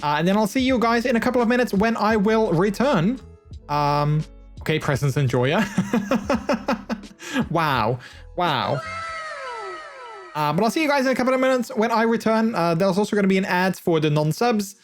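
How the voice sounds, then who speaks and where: A man, chatting casually to his live-stream viewers, laughing often and filling pauses with ums. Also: high voice, expressive, soft background music.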